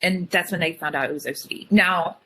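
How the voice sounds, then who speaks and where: A young woman telling her own story in casual chat, full of "like" fillers and quick retellings. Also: fairly low pitch, sharp tone, slightly rough, poor audio. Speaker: guest sharing her story.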